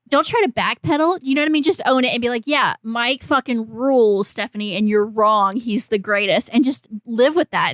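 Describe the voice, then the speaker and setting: A woman's voice: sits high, a bit bright, dry recording, clean studio sound. A woman co-hosting a horror podcast, talking in a teasing, argumentative and profane way. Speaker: podcast co-host. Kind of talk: casual chat.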